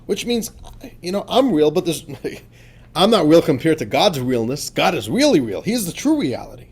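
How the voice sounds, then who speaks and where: Rabbi guy teaching a text class, kinda high voice, super lively up and down, gets fired up then goes quiet. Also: normal speed, breathy edge. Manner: emphatic, swings between quiet asides and fervent outbursts. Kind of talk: animated religious lesson.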